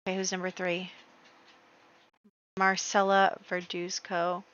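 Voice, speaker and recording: Slow, bright-voiced woman gaming host. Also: on the low side, clear, resonant tone, lo-fi sound. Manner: excitable, exclaims often, talks to viewers. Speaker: let's play host. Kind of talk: casual gameplay commentary.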